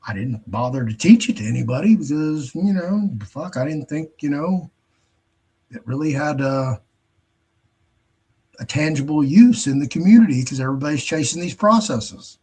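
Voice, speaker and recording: Husky, blunt, profane male host ranting. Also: fairly high pitch, lively intonation, moderate pace, dark tone. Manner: blunt, profane, exasperated, many restarts. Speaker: show host. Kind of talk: ranting monologue.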